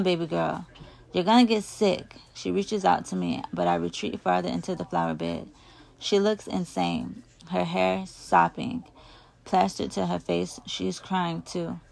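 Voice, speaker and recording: A woman reads a first-person novel aloud, her voice low-pitched and full of gravelly fry. She reads expressively, getting louder when the characters shout. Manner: emotive, raises volume for shouted lines. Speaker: audiobook reader.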